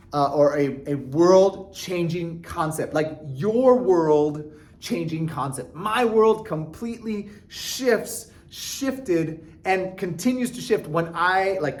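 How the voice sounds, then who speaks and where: A man talking earnestly to his viewers in a casual motivational vlog, animated and full of restarts and fillers. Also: a little high. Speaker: vlogger. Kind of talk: casual motivational talk to camera.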